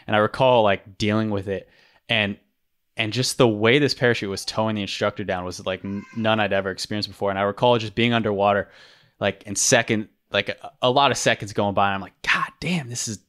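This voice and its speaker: A man's voice: fairly low pitch, fairly even intonation, fairly quick, a bit bright, smooth. A man casually recounting a training story, rambling with many restarts. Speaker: former rescue swimmer guest.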